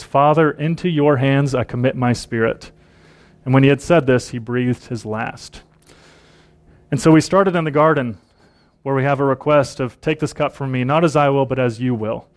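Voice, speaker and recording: A man preaching a Sunday sermon in a church service, reading scripture aloud and then reflecting on it in plain words. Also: medium pitch.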